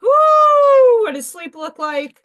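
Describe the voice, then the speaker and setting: A woman hosting a craft livestream, chatting casually and excitedly while she works and talks to herself. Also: fairly high pitch, unhurried. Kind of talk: casual live-stream chat while crafting.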